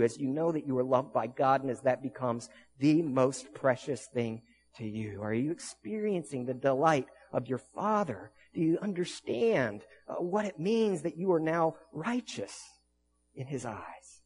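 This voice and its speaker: A man's voice: medium pitch, lively intonation, measured pace, darkish tone. A male pastor preaching a sermon in an earnest, storytelling way, with frequent restarts, ending in prayer.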